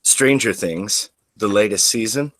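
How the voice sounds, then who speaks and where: A man's voice: fairly low pitch, unhurried, a bit bright, no echo. A man in a car bantering casually, throwing in dry teasing quips.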